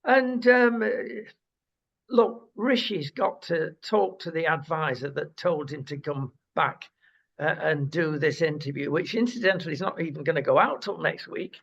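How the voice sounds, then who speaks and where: A man's voice: a little high, moderate pace, vocal fry, a bit bright, highs cut off. A man hosting a casual talk show, opinionated and wry.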